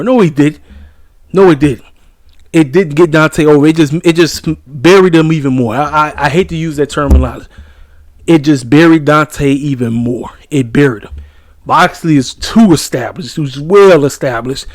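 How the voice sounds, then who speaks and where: A man's voice: a little high, no echo. A man hosting his own wrestling review channel, ranting in a blunt, emphatic, casual way.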